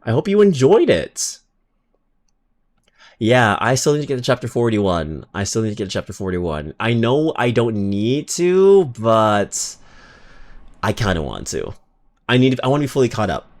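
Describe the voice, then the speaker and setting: A male streamer talks casually to his viewers in a somewhat low voice. He rambles and restarts his thoughts, sliding into quiet mutters before bursting into loud, hyped shout-outs. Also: very animated, normal speed.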